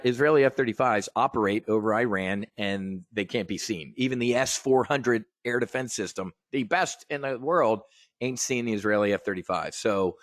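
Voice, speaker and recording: A man's voice: fairly low pitch, no echo, studio quality. A man hosting a live trading brief, ranting bluntly and profanely. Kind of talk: live market commentary rant.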